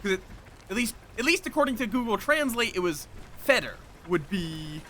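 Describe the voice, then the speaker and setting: A man's voice: sits high, very animated, normal speed, bright, forceful tone, a little hiss or hum. A man chatting casually while streaming a game, rambling and talking to himself and his viewers. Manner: rambling, talks to himself and chat. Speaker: live streamer. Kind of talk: casual gameplay chat.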